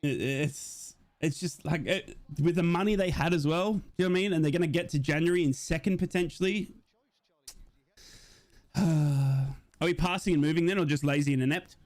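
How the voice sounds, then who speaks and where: A man's voice: fairly high pitch, moderate pace, a little mellow. A young man with a chatty manner, hosting a live football watch-along and talking straight to viewers in chat.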